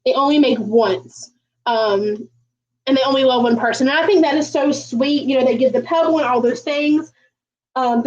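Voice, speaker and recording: A woman's voice: high-pitched, a little mellow, distant mic, muffled recording. A woman hosting a home cooking livestream, chatting folksily to viewers with lots of ums. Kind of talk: casual livestream chat while cooking. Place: home kitchen.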